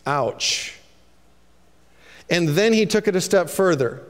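A man's voice: high-pitched, brisk, in a large hall. A man preaching a sermon, telling stories and acting out the lines of the people he quotes. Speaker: pastor.

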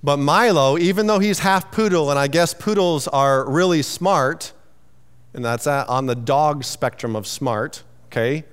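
A man's voice: on the high side, a little slow, clean tone, long reverb tail. A man preaching a sermon in a loose, conversational way, teasing himself and restarting his sentences. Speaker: pastor.

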